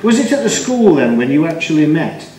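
A man hosting a chat show, prompting his guests with lively questions. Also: a little high, a little fast, roomy sound, far from the mic, a little hiss or hum, low-quality recording. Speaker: talk show host. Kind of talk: interviewing guests.

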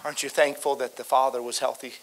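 A man preaching a fervent sermon in a church, full of repetitions and stammered restarts, swinging between loud exhortation and softer pleading. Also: mid-range voice, little pitch movement, fast talker, a little hiss or hum. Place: church sanctuary.

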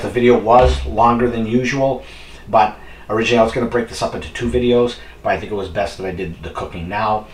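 Low-voiced man chatting in an echoey kitchen. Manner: rambling, talks while eating. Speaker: product reviewer. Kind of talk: casual chat. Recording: roomy echo, faint background noise.

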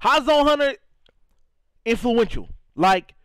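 A young gaming streamer from St. Louis, Missouri, chats loosely on a live stream, reacting to chat and repeating "you know what I'm saying" a lot. His voice is extremely high and sing-song, slow, fairly bright and clean. There's no room sound, though the recording is rough.

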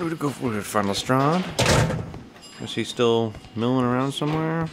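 A man's voice: medium pitch, moderate pace, noisy background. A man casually commenting while playing a game, rambling, swearing and talking to himself. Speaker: gameplay commentator. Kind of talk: casual let's-play commentary.

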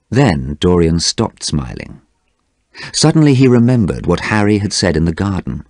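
A man narrating a graded story for English learners in a slow, clear reading. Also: low voice, no echo, clean studio sound.

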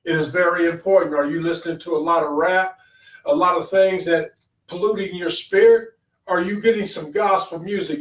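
A male pastor preaching a short sermon, fervent, repeating key phrases with rising emphasis. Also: sits high. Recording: echoey room, voice from far off the mic.

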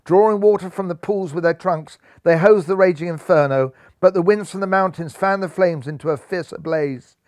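A man narrating a children's storybook with dramatic, animated delivery. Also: high-pitched, normal speed, few pauses, dry recording, studio quality.

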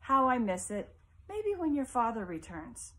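A woman's voice: on the high side, big pitch swings, unhurried, a bit bright, pitched above the performer's own voice, heavily acted. A woman voicing a frail, confused, imperious mother who turns plaintive and then suspicious. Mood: fretful.

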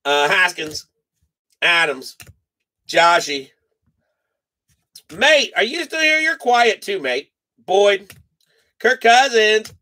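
A man's voice: sits high, very animated, slow pace, pauses often, bright, forceful tone. A man hosting a live card break stream, chatting casually, reading off names and teasing his viewers.

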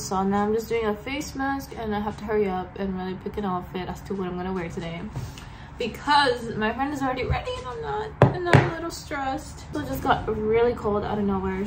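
A woman's voice: mid-range voice, background noise. A young woman talking casually and candidly to her camera at home as she gets ready, rambling and swearing now and then. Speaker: vlogger. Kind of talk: casual get-ready-with-me vlog chat. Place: at home, getting ready at a vanity.

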